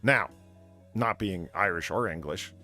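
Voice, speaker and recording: Lower-voiced rambling man, lively. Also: unhurried, faint music behind. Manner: rambling, hesitant, laughs often. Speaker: podcast co-host. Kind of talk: casual chat.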